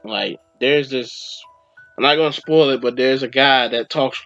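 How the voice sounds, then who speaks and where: A man hosts a podcast in a casual, rambling rant, acting out his own reactions as he goes. His voice sits in a middle pitch. The recording is dull and lo-fi, with music playing faintly underneath. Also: unhurried, a bit bright. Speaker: podcast host. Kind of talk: casual game review rant.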